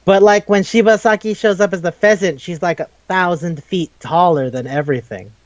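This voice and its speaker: A man talking casually on a podcast, rambling along and swearing as he recaps scenes. He drops into brief put-on voices for the characters he quotes. His voice sits at an ordinary pitch, and the recording sounds dry and a little dull. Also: normal speed, no echo. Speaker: podcast co-host. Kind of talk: casual chat.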